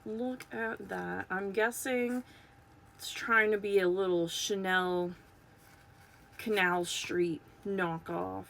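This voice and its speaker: Gushing woman with a gravelly voice. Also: mid-range voice, slow pace, a little hiss or hum. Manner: gushing, excitable, talks to viewers. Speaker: vlogger unboxing toys. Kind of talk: casual unboxing chat. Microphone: phone.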